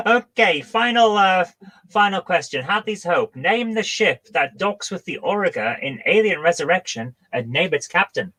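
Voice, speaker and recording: A woman's voice: lowish voice, expressive, measured pace, a bit bright, poor audio. A woman hosting a casual online quiz over a video call, joking and laughing between lines. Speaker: quizmaster.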